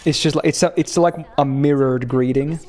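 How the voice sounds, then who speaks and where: A man's voice: fairly high pitch, steady tone, moderate pace, darkish tone, soft background music. A young man from Finland chatting casually on a game stream, rambling and laughing as he answers chat.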